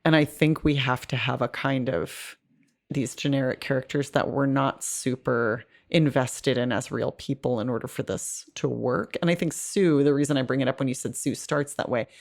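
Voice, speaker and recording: A woman's voice: rumbling low, steady tone, moderate pace, gravelly. A woman guest on a podcast, talking through a film in an articulate, analytical way with frequent restarts. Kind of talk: casual film discussion.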